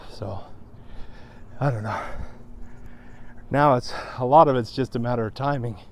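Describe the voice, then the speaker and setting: A man's voice: mid-range voice, unhurried, noisy background. A middle-aged man talking to viewers on a walk, out of breath and subdued, with sighs and restarts. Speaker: vlogger. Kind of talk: casual vlog monologue.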